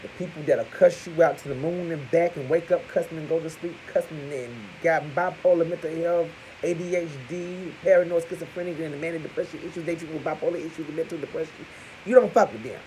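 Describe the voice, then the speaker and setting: A man giving crude, profane gossip commentary to his viewers, talking to them as "y'all" and punctuating points with loud exclamations. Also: fairly high pitch, fast, slight background noise, rough recording. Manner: animated, crude, keeps calling out "Hello!". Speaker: vlogger.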